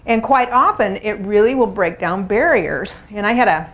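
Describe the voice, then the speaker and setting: A woman's voice: medium pitch, normal speed, fairly bright tone. A middle-aged woman presenting a workshop to a live room, talking in a chatty, conversational way and acting out little quotes. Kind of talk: live seminar talk to a room.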